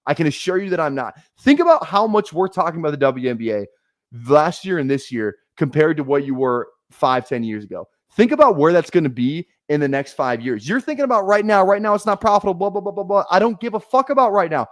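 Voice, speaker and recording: Streamer guy going off at chat, swears a ton, pitch all over the place, dry close sound. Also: expressive, fast talker, no room sound. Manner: heated, profane, repeats himself. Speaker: fantasy football streamer. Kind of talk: ranting live stream commentary.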